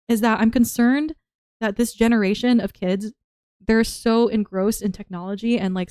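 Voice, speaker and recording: A young woman rants with a slightly high, worn voice, animated and rambling in a casual vlog. She tells stories and breaks into acted-out quotes along the way. The sound is dry and close. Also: clean tone, no echo. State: voice worn from shouting. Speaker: streamer and part-time teacher.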